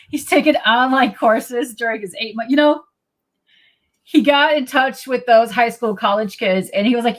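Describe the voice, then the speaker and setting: A woman hosting a casual live podcast chat, excitable and quick to laugh, reacting to viewer comments. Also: a little high. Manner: excitable, laughs often, reads chat aloud. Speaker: podcast host.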